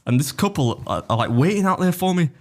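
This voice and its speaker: An English man telling travel stories on a podcast, animated and laughing, with some swearing. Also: fairly high pitch, fast. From England. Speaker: podcast co-host. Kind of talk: casual podcast chat.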